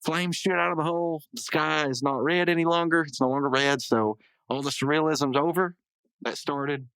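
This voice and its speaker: A man's voice: fairly high pitch, steady tone, moderate pace, a bit bright, smooth, no room sound, rough recording. A man hosting a podcast, casually recapping a cartoon episode in a rambling way and often correcting himself. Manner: rambling, self-correcting, full of hedges and asides. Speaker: podcast host.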